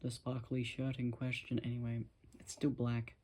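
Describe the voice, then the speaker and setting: A man talking casually to his camera at home, rambling and self-deprecating, in a musing, soft-spoken way. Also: mid-range voice, monotone, normal speed. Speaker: vlogger.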